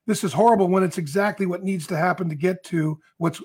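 A man's voice: high voice, fast, darkish tone, breathy edge. A man consultant on a podcast, telling a long client story and acting out both sides of the dialogue. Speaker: leadership consultant.

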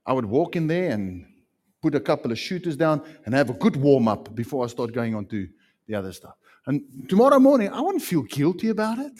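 A man preaching a sermon, swinging between loud emphatic lines and hushed ones. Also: a little high, sing-song, fairly quick.

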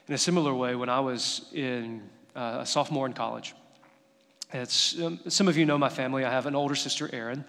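A man's voice: medium pitch, fairly quick, fairly bright tone, long reverb tail. A male pastor giving a sermon, telling stories in an earnest, conversational way.

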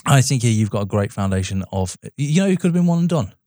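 A man's voice: mid-range voice, fast talker, dry recording, studio quality. A British man co-hosting a casual film podcast, jokey and calling his co-host mate. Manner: lively, jokey, says mate.

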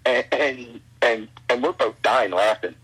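A man telling a road story as a guest in a casual chat, animated and full of stammered restarts. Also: mid-range voice, a little slow, breathy edge, faint music behind, rough recording. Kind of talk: casual anecdote.

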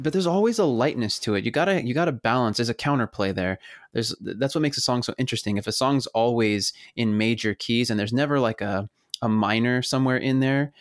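Man, casual film chat, rambling, animated, frequent restarts, mid pitch, dry close recording. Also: dry recording.

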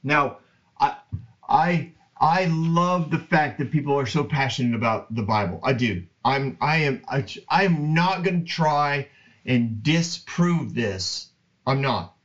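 A man hosting a Bible podcast, talking slowly in a casual, rambling way, with many restarts. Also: a little high, a bit bright, lo-fi sound. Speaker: podcast host. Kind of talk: casual Bible teaching monologue.

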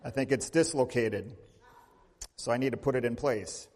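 A man voicing a calm male doctor who plainly explains a procedure to a worried father. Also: medium pitch, normal speed, lightly acted. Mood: matter-of-fact. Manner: matter-of-fact, speaking to the father. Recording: long church reverb.

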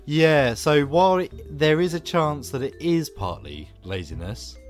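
A man's voice: on the high side, lively intonation, measured pace, soft background music. A man co-hosting a podcast in playful, teasing casual chat. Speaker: podcast co-host.

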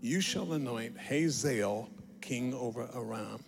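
Gravelly-voiced preacher man, soft music behind. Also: takes it slowly. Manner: swings between loud declaring and low confiding asides; retells scripture with acted dialogue. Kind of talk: sermon.

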